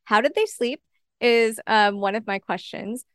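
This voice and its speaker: A woman's voice: on the high side, unhurried, no room sound, studio quality. Exasperated, swearing woman podcast co-host. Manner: exasperated, profane, rattling off complaints. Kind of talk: casual chat, film review.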